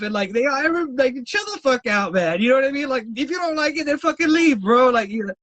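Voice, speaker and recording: High bright-voiced ranting podcast man. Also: animated, a little fast, hardly any pauses, no room sound. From South Texas. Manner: profane, ranting, laughs often. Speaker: podcast host. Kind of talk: casual podcast chat.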